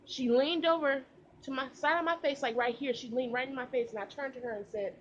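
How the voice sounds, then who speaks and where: A young woman vlogger recording outdoors, telling a casual storytime with animated delivery and slang. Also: high voice, fairly quick, dull audio, a little hiss or hum. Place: outdoors in humid heat.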